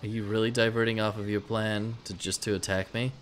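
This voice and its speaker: A man doing let's play commentary, excitable and swearing often as he talks back to the game. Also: fairly low pitch, brisk, noisy background. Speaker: gameplay commentator. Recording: game music underneath.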